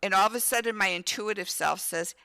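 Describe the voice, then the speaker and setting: A woman in her fifties telling lively family anecdotes as a guest, often acting out a child's words. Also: medium pitch, fairly quick, clean tone, no echo. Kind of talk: storytelling in casual conversation.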